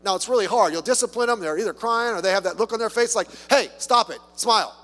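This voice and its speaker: A man's voice: sits high, very fast, a bit bright. A man preaching a sermon in a conversational way, with rhetorical questions and humorous asides. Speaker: pastor. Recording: long reverb from a hall.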